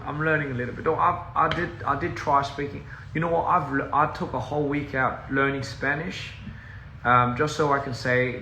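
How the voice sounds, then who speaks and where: A man's voice: mid-range voice, sharp tone, reverberant, slight background noise. A young man rambling through a casual live-stream chat from home, easily sidetracked and laughing often. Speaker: musician live-streaming to fans. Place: at home, indoors.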